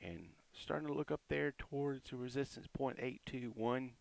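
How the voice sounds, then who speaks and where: A man giving casual, chatty commentary on crypto price charts, reading out support and resistance levels with quick asides. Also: mid-range voice, vocal fry, no echo.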